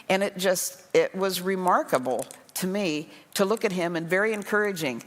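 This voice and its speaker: Older woman pastor, low voice, heartfelt conversational sermon, long hall reverb. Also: a bit bright. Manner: earnest, emotional, conversational preaching. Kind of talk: sermon to a women's group.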